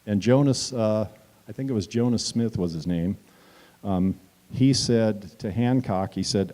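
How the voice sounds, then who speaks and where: A man's voice: fairly low pitch, measured pace, dark tone. A man giving a political speech at a town hall meeting, telling history as a story and building to emphatic declarations.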